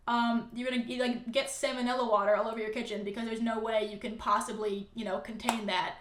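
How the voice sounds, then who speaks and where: A woman's voice: a little high, steady tone, fast talker, few pauses, a bit bright, echoey room. A young woman chatting casually and sarcastically as she reacts to online comments, sounding exasperated. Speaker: content creator reacting to comments.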